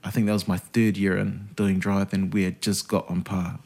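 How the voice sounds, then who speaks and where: Laid-back New man, low voice. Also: moderate pace, creaky. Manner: animated storyteller, swears freely, acts out quoted voices. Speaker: radio host, interview guest. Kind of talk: casual interview storytelling.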